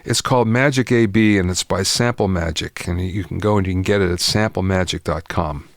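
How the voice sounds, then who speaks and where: A man with a fairly low voice hosts a podcast, talking in a relaxed, enthusiastic, conversational way. The recording is dry and close, with no room sound. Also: brisk, creaky, no room sound. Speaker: podcast host. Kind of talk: casual spoken product review.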